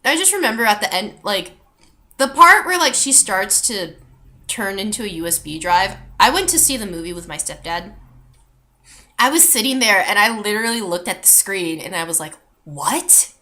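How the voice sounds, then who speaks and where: A woman's voice: medium pitch, lively intonation, moderate pace, bright, forceful tone. A young woman ranting in a vlog, exasperated and full of fillers and swearing. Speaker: vlogger. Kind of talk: movie rant vlog.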